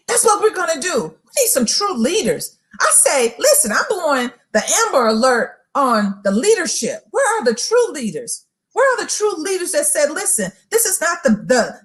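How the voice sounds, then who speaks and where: A woman's voice: high voice, a bit bright. A woman giving a preaching-style motivational talk, emphatic and repeating phrases as she addresses listeners directly. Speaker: motivational speaker.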